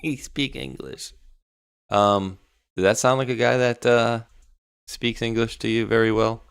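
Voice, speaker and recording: A man's voice: mid-range voice, steady tone, moderate pace, gravelly, clear, resonant tone, dry recording, clean studio sound. A man co-hosting an online talk show in a laid-back, rambling, mocking way. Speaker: co-host. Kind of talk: casual chat.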